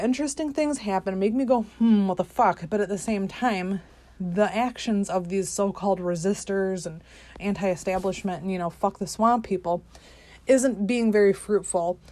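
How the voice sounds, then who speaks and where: A woman's voice: mid-range voice, darkish tone. A woman hosting a podcast, delivering a profane, skeptical political rant with exasperated outbursts. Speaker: podcast host. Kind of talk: ranting political monologue.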